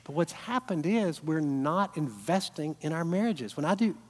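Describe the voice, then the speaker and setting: A man's voice: on the high side, animated, moderate pace. A middle-aged man preaching a sermon, telling family stories with earnest build-ups to emphatic points. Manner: earnest storytelling, rising to emphatic peaks. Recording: long hall reverb.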